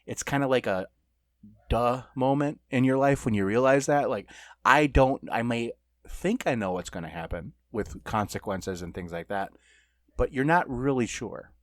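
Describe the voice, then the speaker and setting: A man's voice: mid-range voice, lively intonation, moderate pace, no room sound, studio quality. A middle-aged man co-hosting a podcast, telling stories in a loose, rambling way with lots of fillers and laughs. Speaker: podcast co-host. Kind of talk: casual podcast chat.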